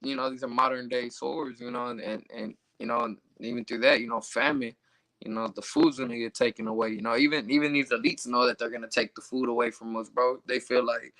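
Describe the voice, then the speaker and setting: A man at a Bible study reads scripture aloud, then riffs loosely on it with lots of fillers, stumbling over hard words. His medium-pitched voice is expressive and fairly quick, with vocal fry and a sharp tone. The low-quality recording has no echo.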